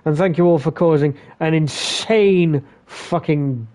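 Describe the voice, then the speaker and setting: Sweary excitable man streaming. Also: on the high side, a little slow. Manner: sweary, excitable, talks to himself while playing. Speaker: streamer playing a video game. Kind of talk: casual live-stream commentary.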